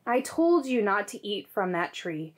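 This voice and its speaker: Woman reading as God in a kids' bible story, calm, steady, no fuss. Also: medium pitch, unhurried, background noise. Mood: solemn. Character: God calling gently to Adam and Eve.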